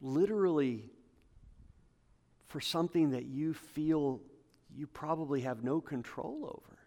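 A man preaching a sermon to his congregation, building to emphatic peaks and dropping to quiet asides. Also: measured pace. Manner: passionate, rising to emphatic peaks then dropping low. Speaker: pastor. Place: church hall with congregation. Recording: long hall reverb.

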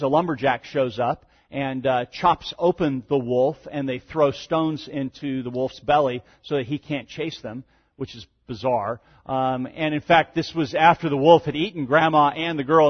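Husky pastor guy preaching, gets loud on the big words, lots of ums, muffled lo-fi recording. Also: mid-range voice. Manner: emphatic, swelling loud on key words, with conversational fillers. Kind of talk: sermon with scripture reading.

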